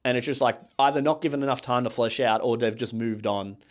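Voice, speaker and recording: Podcast co-host, male, casual rambling recap voice, mid-pitched. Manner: rambling, filler-heavy, acts out characters in quick asides. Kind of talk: casual movie review chat.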